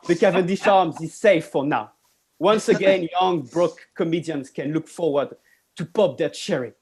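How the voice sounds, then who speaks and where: Comic: man, high voice, slow lilting mock-happy irony. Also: very animated, slightly rough. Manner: slow, mock-blissful, ironic delivery. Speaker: stand-up comic. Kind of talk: deadpan stand-up set.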